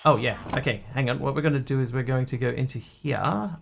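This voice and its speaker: A man's voice: medium pitch, brisk, gravelly, a little hiss or hum. A man streaming a game, rambling and talking to himself as he plays. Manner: rambling, talks to himself while playing. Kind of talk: casual gameplay commentary.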